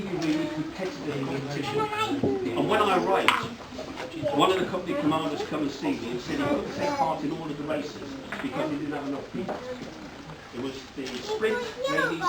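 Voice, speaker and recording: A middle-aged man giving a rambling, joke-filled father-of-the-bride speech at a wedding reception, breaking into loud bursts of praise. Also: fairly high pitch, wildly swooping pitch, a little fast, over a noisy crowd. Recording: echoey hall, from far off, loud background noise.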